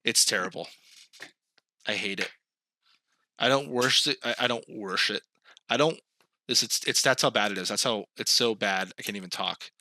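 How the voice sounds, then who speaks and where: A man's voice: on the low side, moderate pace, pauses often, sharp tone, no echo. A man co-hosting a casual podcast, ranting comically, acting out quoted voices and laughing mid-sentence. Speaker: podcast co-host. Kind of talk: casual comedic rant.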